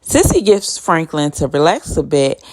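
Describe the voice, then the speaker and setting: Chatty woman recapping a TV episode, lowish voice. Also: normal speed. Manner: animated, chatty, laughs often. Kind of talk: casual TV recap.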